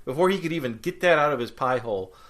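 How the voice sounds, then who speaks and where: A man in his forties co-hosting a podcast, spinning anecdotes in casual chat. His voice has a bright, crisp edge, and he acts out quoted lines with big swings in pitch. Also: fast. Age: 40s. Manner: animated storyteller, acts out quotes. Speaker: podcast co-host.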